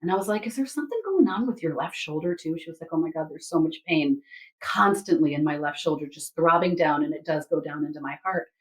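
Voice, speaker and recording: A woman who reads Akashic Records, telling a story from a session in a casual, animated way and acting out the people in it. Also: deep voice, quick pace, low-quality recording. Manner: animated, quotes others and herself in lively asides.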